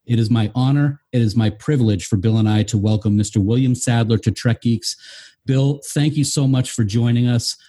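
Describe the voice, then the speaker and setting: A man hosting a podcast with a mellow, slightly husky voice. He reads an earnest introduction, stressing each item in a list, then asks questions. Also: medium pitch, normal speed. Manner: earnest, builds up lists with emphasis. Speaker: podcast host. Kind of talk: scripted guest introduction and interview questions.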